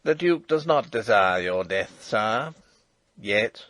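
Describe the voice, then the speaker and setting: A cold, mocking English jailer sneers at his royal prisoner, voiced by a male audiobook narrator. His voice is harsh and grating, with a rough, gravelly rasp. The sound is dry and close. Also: mid-range voice, very animated, moderate pace, dry recording. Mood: sneering. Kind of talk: audiobook character reading.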